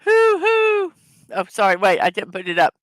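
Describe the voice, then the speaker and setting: A woman's voice: lowish voice, level tone, fast talker, dry recording. A middle-aged woman hosting a casual livestream, giggling as she reads viewers' jokes aloud. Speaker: livestream host.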